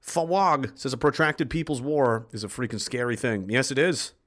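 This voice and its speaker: A man with a medium-pitched, somewhat bright voice hosts a livestream at a moderate pace. He reads viewer comments and launches into a blunt, profane, impassioned political rant.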